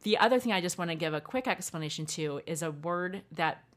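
A woman hosting a faith podcast, speaking in a warm, affirming and explanatory way. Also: fairly low pitch, expressive, brisk. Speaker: podcast host.

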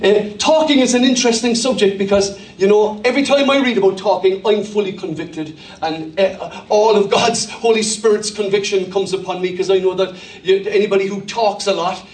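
A man's voice: high voice, fairly even intonation, brisk, few pauses. An Irish man from Cork preaching a sermon as pastor, humorous and self-deprecating, telling stories. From Ireland. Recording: echoey church hall from a distance.

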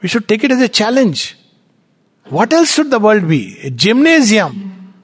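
A man with an Indian English accent giving a spiritual lecture, animated and explanatory, posing rhetorical questions. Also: sits high, normal speed, slightly rough. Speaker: spiritual teacher. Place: lecture hall at a centre. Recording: long hall reverb.

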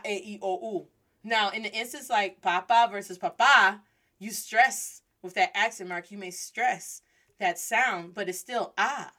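A woman's voice: mid-range voice, bright, forceful tone. Woman, playful language lesson host, rhythmic delivery, bilingual. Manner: playful, rhythmic, switches between English and Spanish. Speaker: Spanish teacher and host.

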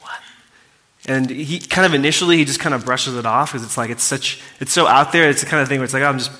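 Bright-voiced man preaching in a hall. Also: mid-range voice, fast. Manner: conversational, with many fillers and asides to the congregation. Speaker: pastor. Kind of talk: sermon, casual storytelling. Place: church hall before a congregation. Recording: reverberant hall.

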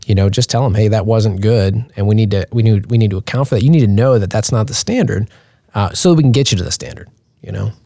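Brisk gravelly man giving advice. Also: lowish voice, dark tone, dry recording, studio quality. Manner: brisk, direct, advising. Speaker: leader of instructor pilots. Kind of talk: roundtable talk.

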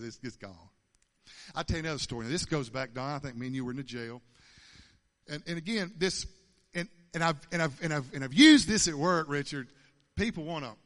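A man's voice: medium pitch, fairly bright tone. Folksy stammering man in his fifties. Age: 50s. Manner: folksy, stammering, repeats words, chuckles often. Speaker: church speaker. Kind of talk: conversational testimony.

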